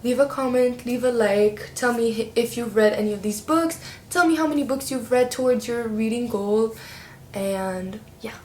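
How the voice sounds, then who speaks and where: Young female book vlogger, slightly high voice, chatty and animated, roomy echo, faint hiss. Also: moderate pace. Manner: chatty, expressive, playful slang. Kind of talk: casual book review chat.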